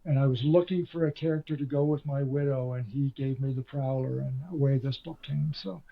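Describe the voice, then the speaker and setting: A man's voice: mid-range voice, fairly even intonation, a little fast, creaky, narrow, tinny audio. An older man, a former radio host and author, chatting in an interview in a self-deprecating storytelling way. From Canada. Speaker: author guest. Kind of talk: conversational interview.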